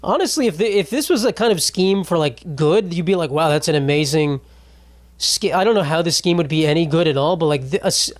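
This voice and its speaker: A man's voice: high-pitched, animated, quick pace, few pauses, no echo. A man in his twenties hosting a casual solo podcast, rambling and joking with lots of profanity and "bro". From United States. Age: 20s. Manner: rambling, profane, jokey, trailing off with "bro" and "dude". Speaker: podcast host.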